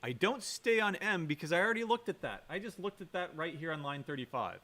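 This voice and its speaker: A man's voice: fairly high pitch, sing-song, brisk, sharp tone. A man giving a computer science lecture while coding, thinking aloud, quizzing the class and correcting himself.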